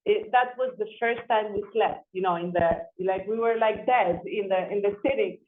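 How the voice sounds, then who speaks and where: A woman architect telling a story in an interview, animated, often repeating and restarting her words. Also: medium pitch, moderate pace. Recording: tinny phone-like sound.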